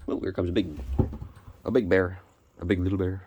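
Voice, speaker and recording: A man on a cold morning, chatting to his kittens during chores and swinging between high, sing-song baby talk and a low, plain voice. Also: little pitch movement, brisk, noisy background. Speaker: vlogger caring for animals. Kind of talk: casual talk to pets while doing morning chores. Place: outdoors or animal shed on a cold morning.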